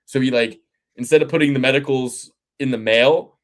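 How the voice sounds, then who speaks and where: A man with a faint Delaware County, Pennsylvania accent, talking fight picks in a loose, profane, animated way. His voice sits at an ordinary middle pitch, and he keeps breaking into mocking impressions of fighters. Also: moderate pace. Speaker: podcast co-host. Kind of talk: casual picks chat.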